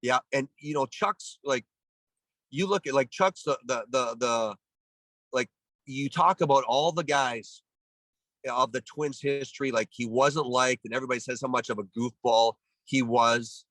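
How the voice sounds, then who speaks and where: Appearing as an interview guest, a former pro baseball player, a Canadian in his forties, tells an animated story full of restarts and acted-out voices and quotes. He speaks a little slowly in a mid-range voice, with no room sound on the recording.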